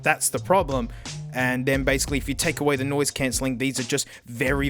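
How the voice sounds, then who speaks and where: An Australian man reviewing earbuds in a blunt, joking, casual way, often saying mate. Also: medium pitch. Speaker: headphone reviewer.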